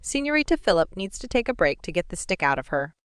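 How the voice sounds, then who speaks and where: A woman voicing a joking young male classmate in an audiobook, with a smooth voice. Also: on the low side, big pitch swings, fast, a bit bright, dry recording, clean studio sound. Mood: teasing.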